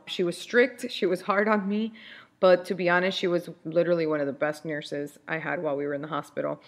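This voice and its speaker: A woman in her thirties hosting a podcast, telling a personal story in a candid, chatty way with frequent restarts. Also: on the low side. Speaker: podcast host.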